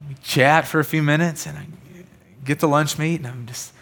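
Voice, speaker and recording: A man's voice: a little high, fairly even intonation, moderate pace, gravelly, fairly bright tone. A man preaching a sermon, telling personal stories in a conversational way and building to emphatic points. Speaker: pastor.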